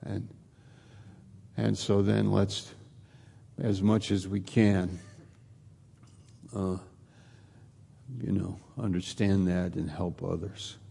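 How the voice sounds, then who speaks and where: A man preaching a sermon in a slow, repetitive cadence, building phrase on phrase. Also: sits low, little pitch movement, creaky, dark tone, slightly rough, big-room sound.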